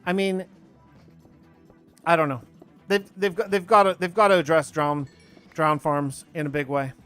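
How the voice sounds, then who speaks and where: A man's voice: a little high, fairly even intonation, normal speed, a bit bright, clean tone, soft background music. A man in his thirties chatting casually on a live stream, rambling while he plays and answers chat. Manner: rambling, talks over gameplay and answers chat.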